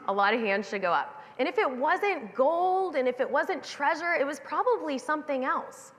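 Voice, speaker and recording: A woman's voice: sits high, normal speed. Woman keynote speaker in a reverberant hall. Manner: animated, acting out the voices in her anecdote. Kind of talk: storytelling keynote talk. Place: stage in a large event hall. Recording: long reverb of a large hall.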